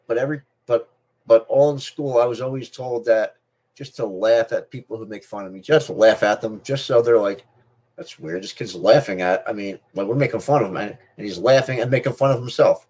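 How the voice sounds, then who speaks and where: This middle-aged man, a channel host, talks to his viewers on camera in a casual, personal way, using a mid-range, slightly mellow voice at a fairly quick pace. A speech difference, not a stutter, leads him to repeat and restart phrases.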